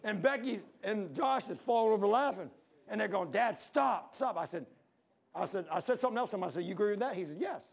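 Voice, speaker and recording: Older preacher, storytelling sermon, raised voice with lots of fry, plays every character in his anecdotes. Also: high voice, fast. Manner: animated, acts out the voices in his stories.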